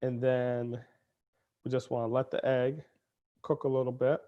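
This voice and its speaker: A man's voice: mid-range voice, flat delivery, measured pace, muffled recording. Playful chatty chef, a man. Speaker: cooking show chef. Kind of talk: cooking demonstration. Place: kitchen.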